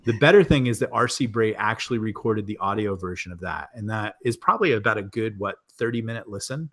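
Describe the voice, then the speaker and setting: A man's voice: lowish voice, expressive, fast. A man on a podcast as a guest publisher, chatting casually and rambling with lots of fillers and restarts over a remote call. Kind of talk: casual chat.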